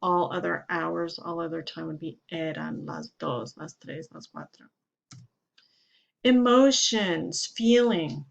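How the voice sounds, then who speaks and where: A woman's voice: lowish voice, slow pace, gravelly, highs cut off. A woman Spanish teacher giving a grammar lesson, explaining steadily and following each example sentence with its translation.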